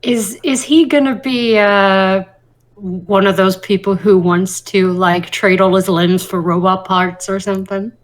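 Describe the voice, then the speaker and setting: A woman's voice: mid-range voice, steady tone, a little slow. A woman asking amused questions during casual movie commentary.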